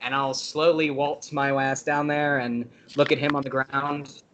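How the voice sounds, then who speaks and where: A man's voice: mid-range voice, level tone, a little slow, a bit bright, rough recording. Casual man narrating his character's moves. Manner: menacing, profane, detailed in-character threats. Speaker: player. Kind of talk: playing a tabletop game in character.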